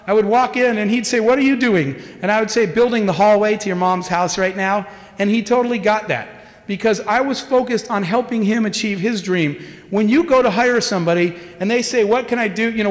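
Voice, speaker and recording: A middle-aged man delivers a keynote in a big conference hall, and his voice carries a long reverb tail. He sits fairly high for a man. He tells stories in an animated way and acts out the voices of the people in them. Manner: animated storyteller acting out quoted dialogue. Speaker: keynote speaker.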